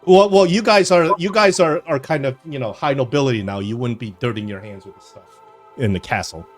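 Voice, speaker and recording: A man's voice: medium pitch, fairly quick, faint music behind. A man narrating a tabletop game as game master, rambling through scenes with fillers and restarts.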